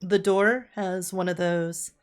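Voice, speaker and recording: A woman narrating as game master of a tabletop game, relaxed and descriptive with fillers. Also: fairly low pitch, slow pace.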